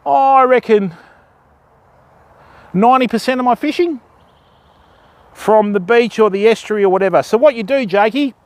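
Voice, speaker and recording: A man's voice: sits high, a little mellow, no room sound. An Australian man chatting casually on a live fishing stream, explaining step by step how to bait and rig for the viewers. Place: outdoors on a river bank at dusk.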